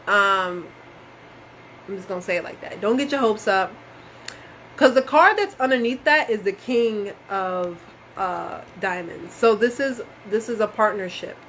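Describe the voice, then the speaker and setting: A woman's voice: mid-range voice, fairly bright tone, a little hiss or hum, low-quality recording. A woman doing a casual live-stream tarot reading, talking straight to her viewers, calling them y'all and swearing now and then. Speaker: tarot reader.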